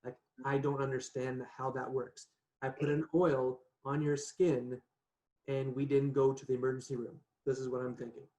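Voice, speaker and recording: Male guest, mid pitch, animated casual storyteller, echoey video call audio. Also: normal speed. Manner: chatty, animated, laughs often, says "right?" a lot. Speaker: podcast guest. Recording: echoey room.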